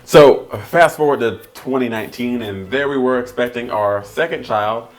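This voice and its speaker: A man's voice: mid-range voice, normal speed. A man vlogging to camera, explaining things in a casual, playful and self-deprecating way. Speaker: family vlogger.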